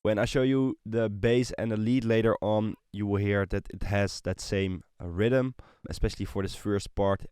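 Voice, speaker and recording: Low-voiced man explaining music production. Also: smooth, no echo. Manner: relaxed, explanatory, with frequent fillers like "kind of" and "like". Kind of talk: screen-recorded production tutorial. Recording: voice over loud synth and drum loops.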